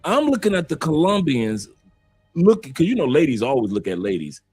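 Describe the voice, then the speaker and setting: A man from Detroit, a guest in a casual live chat, telling stories in an animated way and laughing often. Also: on the high side, a little fast, soft background music. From Detroit, USA.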